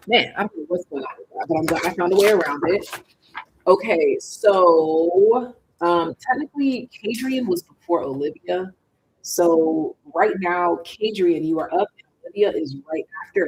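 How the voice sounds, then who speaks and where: Speaking straight to viewers on a live stream, a tarot reader keeps things sassy and lively, calling them "baby" and "darling" and swinging from high to low. The recording is rough, with a little hiss or hum.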